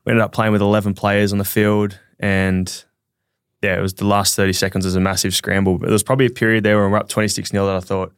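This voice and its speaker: A man, a rugby league player guest, speaking in a relaxed, reflective way. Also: on the low side, fast, clean tone, dry recording, clean studio sound. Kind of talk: casual chat.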